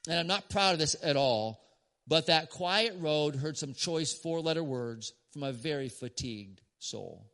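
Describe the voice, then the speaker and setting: Standing at the pulpit, a male pastor tells his congregation a story in a bright, slightly high voice. He is animated, pauses for emphasis, and laughs now and then, while a large hall gives his words a long, ringing reverb.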